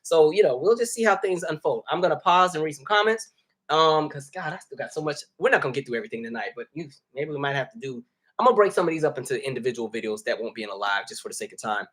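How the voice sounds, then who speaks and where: A man hosting a casual live stream, reading viewer comments and talking freely, animated and laughing often. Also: a little high, quick pace. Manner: animated, laughs often, jumps between soft asides and loud bursts. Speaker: host.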